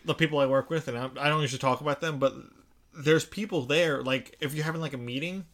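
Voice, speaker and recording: A young man co-hosting a casual chat, reacting quickly and teasing his friend. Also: on the high side, fairly bright tone. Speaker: podcast co-host.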